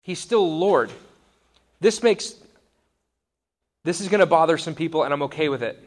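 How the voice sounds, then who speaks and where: A man's voice: fairly high pitch, animated, normal speed. A man in his thirties giving a conversational sermon, wry and self-deprecating. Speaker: pastor.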